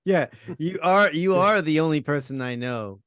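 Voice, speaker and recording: A man who is a podcast guest talks eagerly and haltingly in a casual chat, often restarting his sentences. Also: on the high side, animated, fairly bright tone, clear, resonant tone, dry recording, clean studio sound. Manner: enthusiastic, halting, repeats himself.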